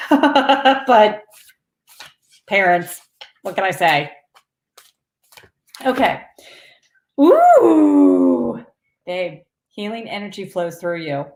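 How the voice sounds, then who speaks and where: A woman's voice: medium pitch, sing-song, drawn-out words, vocal fry, pauses often, a little mellow. Chatty woman streaming in an echoey room. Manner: earnest, rambling, laughs often. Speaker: spiritual live-stream host. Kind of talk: casual live-stream chat with viewers.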